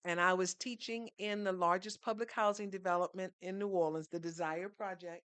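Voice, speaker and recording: A woman's voice: on the low side, steady tone, a little fast, a bit bright, clean tone, no room sound. A woman, speaking as a podcast guest who tells her story in an earnest, teaching way and poses rhetorical questions. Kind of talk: storytelling conversation.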